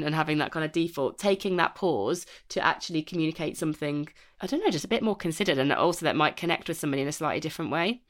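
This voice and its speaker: A woman's voice: lowish voice, animated, fast, few pauses, fairly bright tone. A British woman co-hosting a podcast, explaining ideas with everyday examples and lots of casual fillers. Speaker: podcast co-host.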